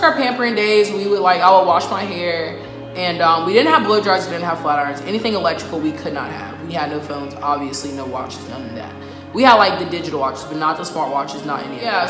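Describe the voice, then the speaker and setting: A young adult woman chatting casually in a vlog, full of "like" and "um". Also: on the low side. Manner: chatty, loose, lots of "like" and "um". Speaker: vlogger. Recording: echoey room with background music.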